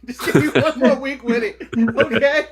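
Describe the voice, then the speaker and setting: A man doing a quick impression of a male wrestler begging for one more week, laughing as he pleads. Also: extremely high pitch, fairly even intonation, over a noisy crowd. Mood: pleading.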